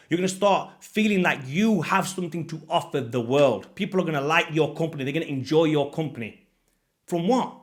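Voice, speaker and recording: A man in his thirties speaks as a fitness coach, straight to his audience. His voice sits a little high, and he hammers his points with emphatic, pushy repetition. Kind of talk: direct-to-camera motivational talk.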